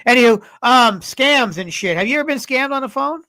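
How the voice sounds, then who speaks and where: A man's voice: very high-pitched, lively intonation, a little fast, pushed and bright, dry recording. A man in his forties co-hosting a podcast, rambling through stories in casual chat and swearing freely. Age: 40s. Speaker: podcast co-host.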